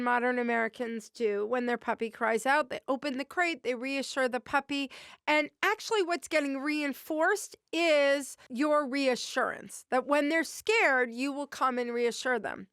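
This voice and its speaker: Woman host and trainer: high, smooth voice, unhurried instructive delivery. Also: a bit bright, no echo, clean studio sound. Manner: patient, explanatory, advice-giving. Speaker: dog trainer and podcast host. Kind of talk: instructive podcast talk.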